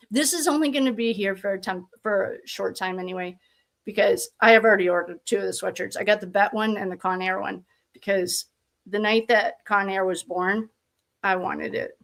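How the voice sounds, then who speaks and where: A woman's voice: mid-range voice, gravelly. A woman hosting a casual livestream, chatting and greeting viewers by reading their comments aloud, often laughing as she talks. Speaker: livestream host.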